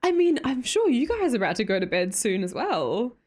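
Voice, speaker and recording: A woman's voice: fairly high pitch, very animated, brisk, a little mellow. A young woman with an Australian accent chatting casually with her live-stream viewers, laughing often and greeting them by name.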